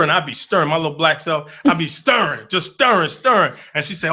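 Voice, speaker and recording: A man telling comic personal stories in a playful, animated way, acting out the people in them. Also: fairly high pitch, fairly quick, highs cut off. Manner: animated, playful, acts out voices in his stories. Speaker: storyteller.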